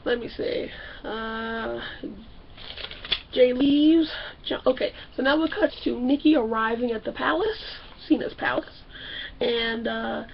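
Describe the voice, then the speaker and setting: A young woman vlogger recapping a reality show in a loud, sassy, animated way, acting out the people she talks about. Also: fairly high pitch, creaky, highs cut off, a little hiss or hum. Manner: loud, sassy, acts out characters. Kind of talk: animated casual recap with acted-out quotes.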